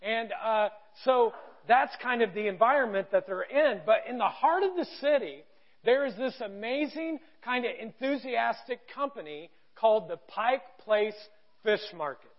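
A man in his thirties preaching a sermon, telling a story with animated quoted voices. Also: very high voice, normal speed. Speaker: pastor. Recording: dull lo-fi sound.

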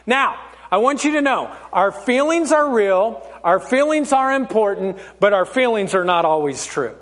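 Man, pastor, sermon, very high voice, emphatic, echoing church hall. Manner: animated, slow and emphatic, addresses listeners as folks.

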